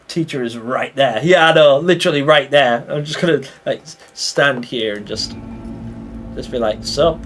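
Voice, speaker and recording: A man's voice: mid-range voice, moderate pace, fairly bright tone. A young British man streaming a game live, chatting casually, reading the chat aloud and laughing often.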